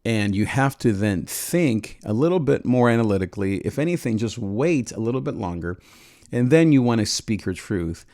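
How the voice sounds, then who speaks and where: Earnest low-voiced man giving parenting advice. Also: animated. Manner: earnest, gentle, with frequent pauses and restarts. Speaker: parenting channel host. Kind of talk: reflective advice talk.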